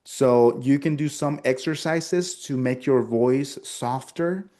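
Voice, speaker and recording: A man's voice: mid-range voice, slow pace, warm tone. A man whose first language is Spanish, teaching sales technique and acting out friendly phone small talk with frequent restarts. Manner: acts out upbeat customer small talk, restarts often. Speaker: sales trainer. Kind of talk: instructional talk with role-played sales lines.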